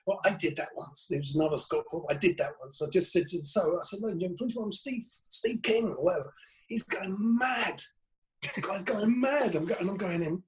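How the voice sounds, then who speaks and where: Animated high-voiced man telling stories. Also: a little fast. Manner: animated, acts out quotes with laughs. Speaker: guest comedian. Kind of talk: casual storytelling chat.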